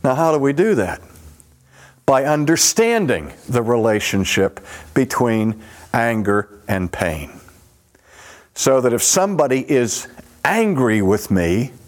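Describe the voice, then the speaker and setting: A man lecturing at an unhurried, measured pace. His pitch rises and falls with animated emphasis as he walks through a point step by step. He keeps stopping to ask his listeners questions. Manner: deliberate, asks rhetorical questions. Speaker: teacher. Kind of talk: teaching lecture.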